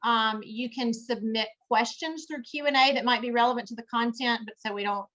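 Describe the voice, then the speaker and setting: A woman's voice: a little high, a little fast, fairly bright tone. Upbeat woman hosting a webinar. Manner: upbeat, laughs often, says "y'all". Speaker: webinar host. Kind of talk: casual chat. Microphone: video call microphone. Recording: muffled video call audio.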